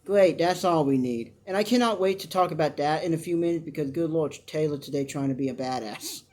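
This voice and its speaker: A reviewer gives a casual recap of a soap opera, rambling off on tangents, restarting sentences, offering blunt opinions, and doing mock voices for the characters. Their voice is middle-pitched with a darkish tone, delivered at normal speed.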